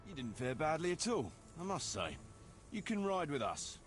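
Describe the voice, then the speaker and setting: Kuno, a sardonic knight. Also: male voice, on the high side, wildly swooping pitch, moderate pace, faint music behind. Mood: gruff. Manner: wry, sardonic storytelling. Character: bitter, blunt noble knight, male adult. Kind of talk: video game dialogue.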